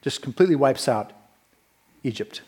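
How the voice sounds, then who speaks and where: A male senior pastor delivering a sermon, retelling a story in a relaxed, conversational way with fillers and restarts, dropping low and quiet at grave moments. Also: moderate pace, breathy edge.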